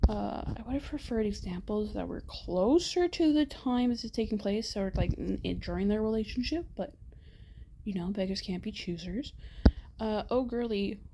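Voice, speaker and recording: A young woman reading her own document aloud, soft and halting with hesitations, her voice wearing out. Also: mid-range voice, vocal fry, noisy background. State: losing her voice.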